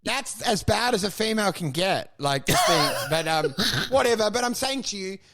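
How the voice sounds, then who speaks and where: Gravelly high-voiced joking man. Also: animated, moderate pace. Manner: loud, mocking, puts on voices, swears a lot. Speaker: podcast co-host. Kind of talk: crude comedic banter.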